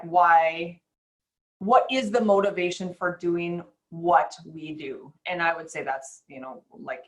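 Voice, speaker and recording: A woman's voice: low voice, a bit bright, poor audio. A woman who hosts a podcast and works as a chiropractor, talking in a chatty, rambling way in a casual interview. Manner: chatty, rambling, quick bursts and laughs.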